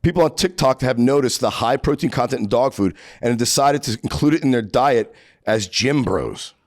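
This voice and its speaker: A male podcast host reads out odd news items and mocks them in a wisecracking way. His pitch swings widely as he talks, in loose, profane banter. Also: expressive, moderate pace. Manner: wisecracking, mocking.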